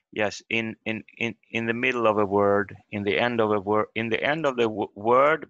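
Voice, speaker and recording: A man teaching a language lesson over a video call, explaining slowly and haltingly and repeating example words aloud. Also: fairly low pitch, gravelly, fairly bright tone, no room sound. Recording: dull lo-fi video call audio.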